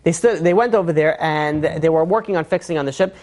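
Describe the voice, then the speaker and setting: A man, a rabbi, telling a long story in a sermon, animated and full of fillers. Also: a little high, fairly quick.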